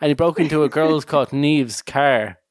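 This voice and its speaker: A man's voice: on the high side, normal speed, no echo, clean studio sound. Irish man, chatty laughing podcast host. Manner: laughs often, restarts, storytelling. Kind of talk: casual chat.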